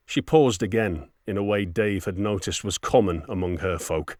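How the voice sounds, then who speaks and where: Guy reading an audiobook, really low voice, dry close mic. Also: normal speed, a little mellow, no room sound. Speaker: audiobook narrator. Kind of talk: scripted narration.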